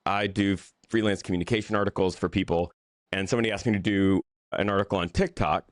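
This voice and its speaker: A man's voice: sits low, fairly even intonation, no room sound, studio quality. A man who is a pastor and author, talking through his story in a casual interview, candid and self-deprecating, often restarting his sentences. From Southern United States. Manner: halting, restarts and repeated words.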